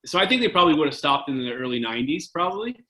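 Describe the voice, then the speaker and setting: Man in his forties, bright-voiced. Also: fairly high pitch, sing-song, very fast, poor audio. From Canada. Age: 40s. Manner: rambling, many fillers and restarts, laughing. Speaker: guest, former hockey player. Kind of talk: casual storytelling.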